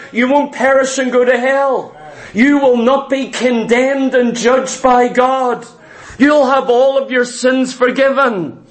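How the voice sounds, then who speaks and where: A man's voice: very high voice, a bit bright. A man preaching a sermon with an emphatic, repetitive cadence.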